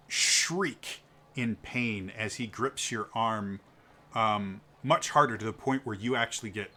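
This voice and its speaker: A man's voice: lowish voice, sharp tone, a little hiss or hum. A man narrating as game master of a tabletop game, hesitant and full of fillers.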